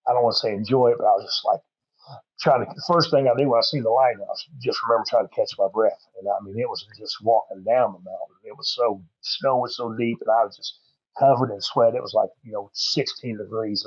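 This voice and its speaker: A man's voice: medium pitch, breathy edge, no room sound, muffled recording. A middle-aged man telling a long hunting story on a podcast, rambling and folksy with plenty of fillers. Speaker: podcast guest. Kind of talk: casual storytelling.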